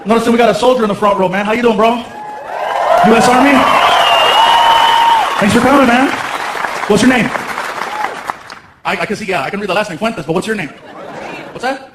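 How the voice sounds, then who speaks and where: A man doing stand-up comedy, an animated, slangy storyteller on a stage mic in a large theater. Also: high-pitched, normal speed, pauses often, heavy background noise. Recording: echoey theater with loud crowd.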